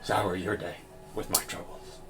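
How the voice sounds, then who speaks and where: A man voicing a weary middle-aged village priest with a hoarse, broken voice who talks quietly and sounds distracted. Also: deep voice, level tone, a little slow, far from the mic, over music. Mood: weary, troubled.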